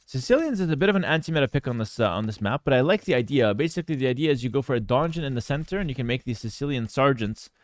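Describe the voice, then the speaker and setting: Animated talkative male game caster. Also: mid-range voice, rapid-fire, hardly any pauses, no echo. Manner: animated, talkative, many fillers and asides. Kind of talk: casual storytelling and esports commentary.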